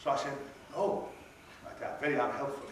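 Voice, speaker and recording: An older man with a fairly high voice tells wry, theatrical stories as a panel guest. He is heard from far off, with heavy echo from a large hall and noise under him. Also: lively intonation, moderate pace. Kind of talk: anecdotal storytelling to an audience. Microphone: recorded from far off by an audience camera. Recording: echoey hall from far off, noisy.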